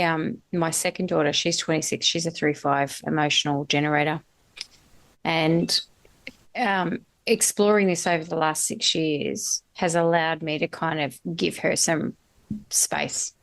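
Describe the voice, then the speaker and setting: Middle-aged woman podcast host, low gravelly voice, candid and salty, laughs easily. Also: steady tone, a little slow. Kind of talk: casual conversational interview.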